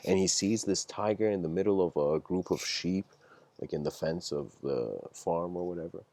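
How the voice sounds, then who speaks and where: A man with a very deep voice gives an informal livestreamed talk. He rambles and fills his sentences with "like" as he spins parables. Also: moderate pace, darkish tone. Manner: rambling, heavy use of "like" fillers. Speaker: lecturer.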